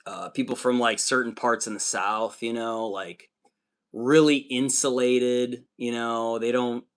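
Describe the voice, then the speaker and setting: A man's voice: mid-range voice, fairly even intonation, measured pace, clean tone. A man hosting a livestream, chatting casually with viewers while building miniatures, rambling and swearing often. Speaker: livestream host.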